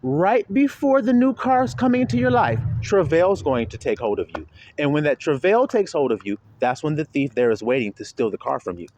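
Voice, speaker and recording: A male preacher giving a loose, slangy sermon to his flock. His voice sits a little high and swoops widely from low murmurs to sharp peaks. He laughs easily between points. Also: sing-song, a little fast, few pauses, muffled recording, slight background noise. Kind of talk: informal sermon to followers.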